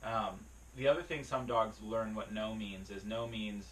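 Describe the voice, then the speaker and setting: A man explaining a dog-training skill to the camera in a relaxed way, with plenty of fillers and restarts. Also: lowish voice, unhurried, far from the mic, a little hiss or hum, rough recording. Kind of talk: casual spoken lesson to camera. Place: beside his dog, speaking to a camera.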